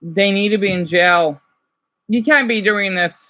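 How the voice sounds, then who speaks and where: A man's voice: high-pitched, a little slow, lo-fi sound. A man from Arizona reacting to a news clip, ranting heatedly with lots of swearing and rambling asides. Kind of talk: profane reaction rant.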